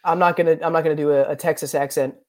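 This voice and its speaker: A man's voice: on the high side, steady tone, racing, no room sound, clean studio sound. A man co-hosting a sports podcast, chatting casually and stammering through restarts.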